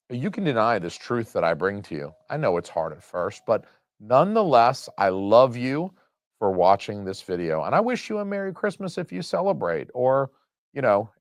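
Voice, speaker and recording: A man's voice: mid-range voice, dry recording, studio quality. A man giving a casual, profane opinion rant as a movie commentator, mock-preachy and argumentative.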